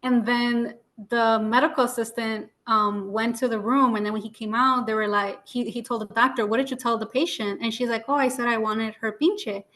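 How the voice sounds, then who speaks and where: Woman co-host with a slightly high voice, laughs easily and tells chatty anecdotes. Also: fairly even intonation, normal speed, few pauses, fairly bright tone. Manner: laughing anecdotes with Spanish words and fillers. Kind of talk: casual chat.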